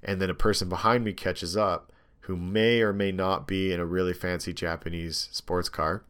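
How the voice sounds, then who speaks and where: Casual storyteller: young guy, lowish voice, animated and rambling with lots of filler words. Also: moderate pace, clear, resonant tone. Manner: rambling, animated storytelling with many ums and likes. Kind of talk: casual chat, telling a story.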